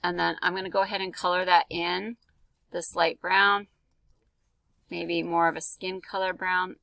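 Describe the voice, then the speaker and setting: Chatty woman art teacher, gravelly bright voice. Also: on the low side, little pitch movement, a little slow, dry recording, rough recording. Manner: casual, chatty, many ums and likes. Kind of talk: screen-recorded drawing tutorial.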